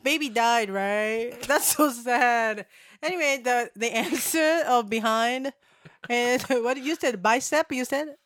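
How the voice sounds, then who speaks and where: A woman's voice: a little high, slow pace, fairly bright tone, no echo, clean studio sound. A woman co-hosting a casual chat podcast, giggly and playfully teasing. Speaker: podcast co-host.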